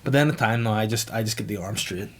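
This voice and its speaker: A man's voice: lowish voice, background noise. A man chatting on a comedy podcast, swearing a lot and acting out the people in his stories. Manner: swears often, acts out other people in quick bursts. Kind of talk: casual comedy podcast banter.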